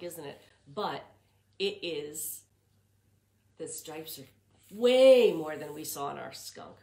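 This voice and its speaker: A librarian with a fairly low voice, heard in a reverberant space, reads a picture book aloud to young children. She chants its repeated patterns in a sing-song and asks the kids questions.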